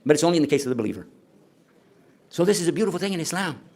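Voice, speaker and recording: A man's voice: fairly high pitch, animated, racing, gravelly, darkish tone. A man lecturing at a conference in a conversational way, asking the audience rhetorical questions. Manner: acts out quoted speakers. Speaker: Islamic lecturer.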